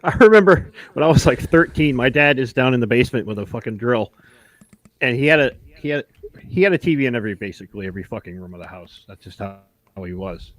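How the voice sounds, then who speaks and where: A man's voice: medium pitch, expressive, fast, dry recording. A middle-aged man, a podcast co-host, telling a story in a profane, casual way and acting out what others said. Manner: profane anecdotes, acting out quotes.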